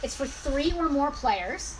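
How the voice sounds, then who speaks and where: A woman in her forties with a high, bright-sitting voice hosts a live-stream sale of old toys. She talks in a chatty, rambling way and catches and corrects herself as she goes. A faint hiss sits under her voice. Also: expressive, unhurried, poor audio. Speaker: host selling collectibles. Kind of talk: casual live-stream sales chat.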